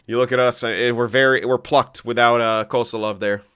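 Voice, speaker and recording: A young man casually commentating his own hockey game, excitable, thinking aloud and swearing often. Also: medium pitch, a little slow, clear, resonant tone. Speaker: gaming commentator.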